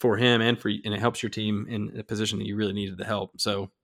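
A man co-hosting a casual podcast, joking around and giving listener shout-outs. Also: fairly low pitch, little pitch movement, fast. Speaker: podcast co-host.

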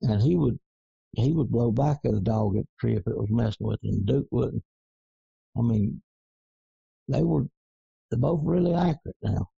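Gravelly, husky man. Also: medium pitch, expressive, warm tone, dry recording, dull audio. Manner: slow, rambling, folksy Southern dialect grammar. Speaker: coonhound breeder being interviewed. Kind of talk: casual interview.

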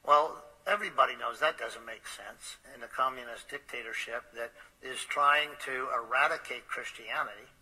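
A man's voice: mid-range voice, normal speed, few pauses, pushed and bright, slightly rough, rough recording. A man preaching, telling a story in a conversational way with frequent hesitant fillers. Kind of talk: storytelling sermon.

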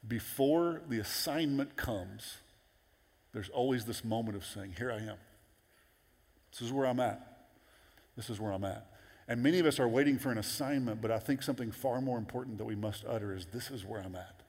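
A man preaching a sermon as pastor, animated and conversational, jumping into high excited voices when quoting. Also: normal speed. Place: large church auditorium. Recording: long hall reverb.

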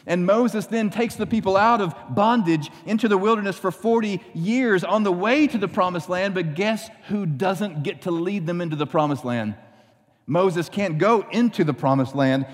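A man's voice: high-pitched, normal speed. Preaching man in a reverberant space. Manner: emphatic preaching that drops to a quiet, intimate prayer. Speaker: pastor. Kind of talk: sermon. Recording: long reverb.

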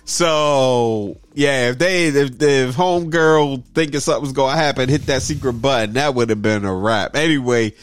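A man's voice: mid-range voice, normal speed, few pauses. A man telling a story in casual chat, acting out everyone he quotes. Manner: animated, acts out everyone in the story.

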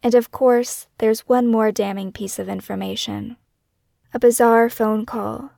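Gravelly-voiced woman narrating true crime. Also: fairly high pitch, fairly even intonation, warm tone, no echo, studio quality. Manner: measured, brooding, asks many questions. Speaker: podcast host and narrator.

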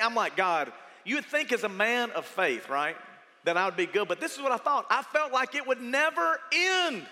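A middle-aged man preaching a sermon as pastor, telling stories with lively energy and shouting at the peaks. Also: very high-pitched, in a large hall. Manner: animated storytelling, shouting at peaks.

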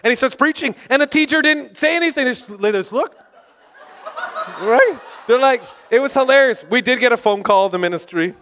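A man preaching and telling testimony stories with passionate, excitable energy, now and then bursting into shouts. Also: extremely high pitch, brisk, a little hiss or hum. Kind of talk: sermon testimony storytelling.

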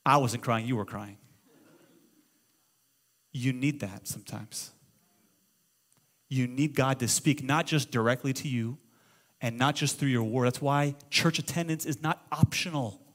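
A middle-aged man preaching a sermon as pastor, moving between loud exclamations and hushed storytelling. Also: mid-range voice, unhurried, pauses often. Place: church auditorium.

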